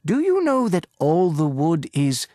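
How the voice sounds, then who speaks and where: A man reading aloud and voicing a shrewd middle-aged male estate agent who talks low and slyly and sometimes bursts into shouts. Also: huge pitch swings, unhurried, dry recording, clean studio sound. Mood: sly, coaxing. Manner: hushed and sly, then bursts into shouts.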